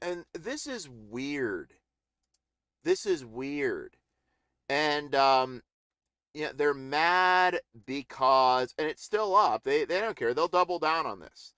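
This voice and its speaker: A man's voice: fairly high pitch, animated, takes it slowly, sharp tone, no echo, clean studio sound. A middle-aged man ranting in a casual political live stream, rambling and indignant with many restarts.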